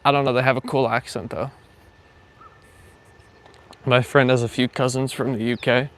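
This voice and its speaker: A young man walks outside while hosting a live stream, rambling through casual chat and viewer comments with many fillers. His voice is mid-range and a bit bright, with little pitch movement and a moderate pace.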